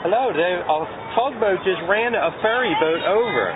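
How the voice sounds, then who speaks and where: A man's voice: high-pitched, lively intonation, normal speed. A man with a Philadelphia accent calling emergency services, urgent and repeating himself. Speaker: emergency caller. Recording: phone call with loud crowd and street noise.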